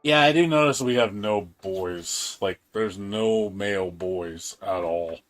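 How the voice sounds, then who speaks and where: A man's voice: on the low side, slow, faint music behind. A man streaming a game in a casual chat, laughing often and rambling with repeated words.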